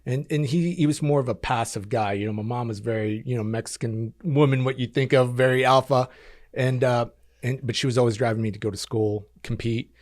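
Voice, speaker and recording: A man in his thirties, a former combat controller, tells stories casually as a podcast guest, using lots of fillers and acting out quotes with animation. His medium-pitched voice is brisk, and the recording is dry with clean studio sound.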